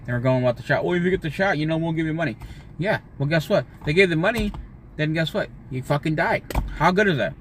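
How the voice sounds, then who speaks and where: A man's voice: fairly high pitch, fast talker, fairly bright tone, slight background noise. A man livestreaming an angry, profane political rant, repeating himself and swearing often. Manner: heated, profane, repetitive.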